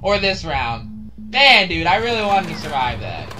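A young man giving casual gameplay commentary, excitable, swearing and shouting at enemies. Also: sits high, unhurried, over music. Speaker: gaming channel host.

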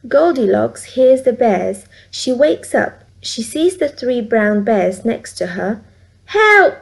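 Vietnamese accent lady reading a kids story, a bit high, slow and clear. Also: animated, warm tone. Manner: slow, clear, simple sentences. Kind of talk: storybook read-aloud.

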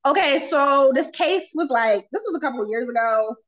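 A young adult woman, an autopsy technician, telling stories casually in a podcast interview, animated and laughing often as she acts out what people said. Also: high voice, normal speed, poor audio.

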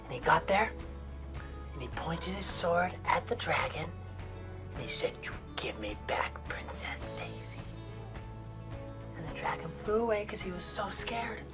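Man whispering a lively bedtime story. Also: high-pitched, normal speed, over loud music. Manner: hushed, lively, acts out story characters. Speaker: father telling a bedtime story.

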